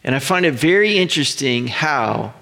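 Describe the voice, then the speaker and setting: A middle-aged man pastor preaching a sermon, earnest and emphatic, stretching out pauses to land his points. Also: medium pitch, expressive, vocal fry, pushed and bright.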